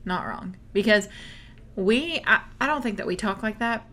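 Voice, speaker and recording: A woman's voice: mid-range voice, moderate pace. A woman with a Texan accent co-hosting a casual chat podcast, laughing often and acting out her own reactions. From Texas. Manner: chatty, laughs often, animated retellings. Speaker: podcast co-host.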